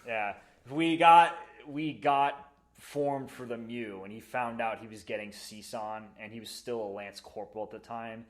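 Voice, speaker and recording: A man's voice: medium pitch, measured pace. A man guesting on a podcast, telling stories in a heated, profane way, often restarting his sentences. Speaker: guest, military veteran. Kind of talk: casual interview chat.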